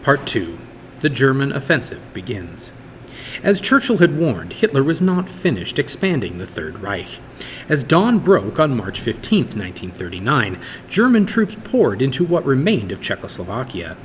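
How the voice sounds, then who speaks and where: A man reads a history textbook aloud, teacher-style, at an even pace. His pitch moves up and down freely as he reads, with the odd stumble he fixes on the go. The room rings with a long reverb, and a faint hiss sits under the voice. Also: moderate pace. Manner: steady reading with occasional small stumbles and self-corrections. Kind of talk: read-aloud textbook narration.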